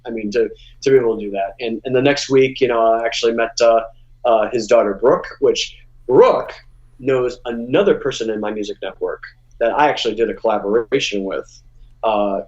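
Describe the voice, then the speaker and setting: A man talking casually as a guest musician, mid-pitched and animated, often restarting his sentences. He jumps up high when he acts out what others said. The sound is a little dull and lo-fi. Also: a little fast. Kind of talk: casual interview storytelling.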